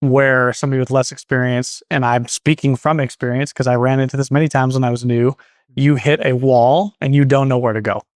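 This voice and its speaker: A man from Portland, Oregon, who owns a garage door business, tells stories as a guest in a casual interview, rambling, correcting himself, and acting out quoted dialogue. His mid-range voice has fairly even intonation and a slightly fast pace, recorded on a dry close mic with no echo.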